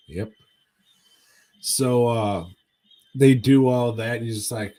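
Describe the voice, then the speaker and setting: A man's voice: medium pitch, fairly even intonation, slow, pauses often, mellow. A man co-hosting a podcast, recapping a movie in casual chat as a profane, rambling storyteller. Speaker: podcast co-host.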